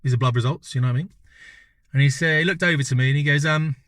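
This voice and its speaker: A man's voice: on the high side, fast talker, fairly bright tone, no room sound, studio quality. A British man in his fifties telling a story in a casual, chatty way, often checking in with the listener. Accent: British English. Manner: chatty, keeps checking in with "right?" and "you know?". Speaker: vlogger.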